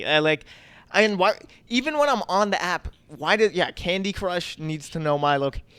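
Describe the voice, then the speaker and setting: A man's voice: sits high, animated, normal speed, sharp tone, clean tone, no room sound. A man co-hosting a comedy podcast in casual chat, rambling with lots of fillers and repeated yeahs.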